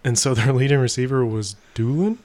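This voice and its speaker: A man's voice: mid-range voice, fairly quick, a little mellow. A man co-hosting a casual sports podcast, laid-back and agreeable, often backing his partner up. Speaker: podcast co-host.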